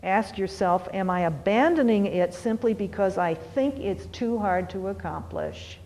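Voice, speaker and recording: A middle-aged woman yoga teacher guiding a lesson, gently encouraging and often checking in with "all right". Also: mid-range voice, lively intonation, measured pace, big-room sound, low-quality recording. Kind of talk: guided lesson on goals and mantra practice.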